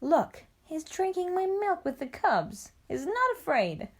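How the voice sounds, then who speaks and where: A woman voicing a brave, fierce mother wolf in a storybook, speaking slowly and protectively. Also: mid-range voice, lively intonation, a little mellow. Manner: bold, protective. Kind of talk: storybook reading.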